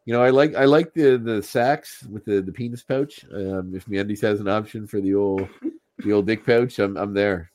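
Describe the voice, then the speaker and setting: A man co-hosting a podcast in casual chat, animated and quick to laugh, often restarting his sentences. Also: lowish voice. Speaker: podcast co-host.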